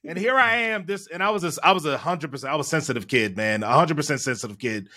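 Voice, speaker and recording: Man, bright voice on the high side, animated storyteller who keeps checking in with "right?". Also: fast talker. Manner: animated storyteller, frequent "right?" tag questions. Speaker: guest. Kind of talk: storytelling in a podcast chat.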